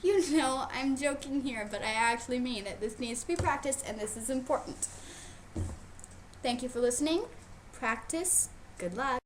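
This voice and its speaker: A woman's voice: sits high, normal speed, slight background noise. A woman instructor teaching youth how to show rabbits, playful and emphatic, repeating her key points. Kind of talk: casual instructional video.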